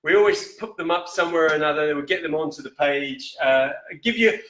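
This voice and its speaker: A man hosting a live-stream whisky quiz in a casual, chatty way, reading each question slowly and repeating it. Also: on the high side, a bit bright. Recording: echoey room.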